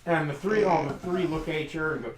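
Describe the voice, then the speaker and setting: A man narrating as game master of a tabletop role-play, in a halting way with frequent restarts. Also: on the high side, heavy background noise. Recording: echoey room.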